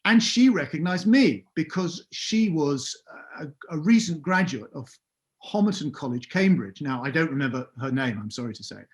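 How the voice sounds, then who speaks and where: A man in his fifties, a podcast guest telling a wry, self-deprecating story. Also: on the high side. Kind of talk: anecdotal storytelling.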